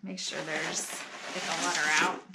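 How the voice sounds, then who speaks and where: A middle-aged woman chatting casually as she opens fan mail at home, gushing and exclaiming, with soft sighs and laughs. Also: on the low side, little pitch movement, normal speed, noisy background. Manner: often sighs and laughs softly. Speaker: vlogger opening fan mail. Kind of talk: casual chat.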